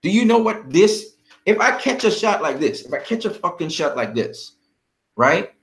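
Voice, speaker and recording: A man's voice: sits high, big pitch swings, moderate pace, fairly bright tone. Heated man ranting about boxing. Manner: heated, profane, confrontational. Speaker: boxing vlogger. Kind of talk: ranting fight commentary.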